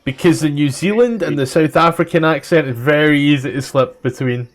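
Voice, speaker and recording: A man with a Scottish accent, running a tabletop game as dungeon master in a relaxed, casual way. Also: on the high side, a little fast.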